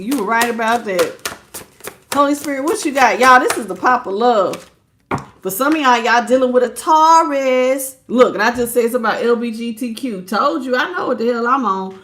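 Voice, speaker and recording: A woman giving a live tarot reading, chatty and quick to laugh as she talks straight to her viewers. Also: a little high, lively intonation, fairly bright tone, slight background noise. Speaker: tarot reader.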